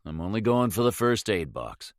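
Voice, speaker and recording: A man's voice: fairly low pitch, very animated, moderate pace, no echo. A man voicing a hardened boat captain who talks tersely in short, clipped lines, close to his own narrating voice.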